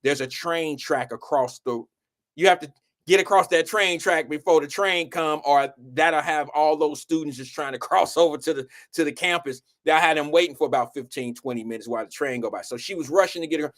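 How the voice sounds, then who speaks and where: Speaking a bit fast in a slightly high voice, this live stream host from Ohio chats casually and drifts through animated stories peppered with profanity.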